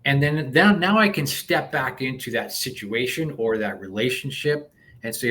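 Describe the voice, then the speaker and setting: A man being interviewed as a coach, explaining a technique step by step in an animated way, with frequent restarts. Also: medium pitch, moderate pace, slight background noise. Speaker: guest coach. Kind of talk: conversational interview.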